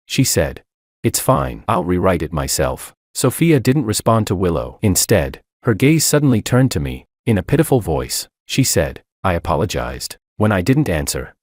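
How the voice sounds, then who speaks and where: A man's voice: low voice, a little mellow, no room sound, clean studio sound. A man reading a first-person drama story in a scripted, dramatic narration.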